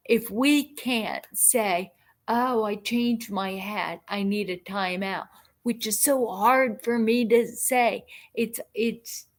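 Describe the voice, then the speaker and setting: Slow, halting woman host. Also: on the high side. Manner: slow, halting, frequent restarts and self-talk. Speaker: livestream host. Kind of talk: casual livestream chat.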